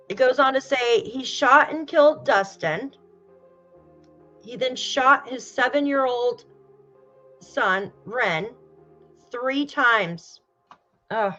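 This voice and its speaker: A woman hosts a casual livestream and talks in a slow, unhurried way, addressing her viewers and fighting back tears. The audio is dull and lo-fi, and faint music plays behind her. She sighs often between her words. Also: on the high side, a bit bright. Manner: talks straight to viewers, greets chat. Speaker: true crime livestream host. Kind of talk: casual livestream commentary, reading posts aloud.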